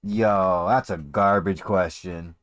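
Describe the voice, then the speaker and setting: A man's voice: low-pitched, fairly even intonation, slow, a little hiss or hum. A man giving crude, sarcastic commentary as he reacts to a video, swearing often. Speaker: streamer reacting to a clip.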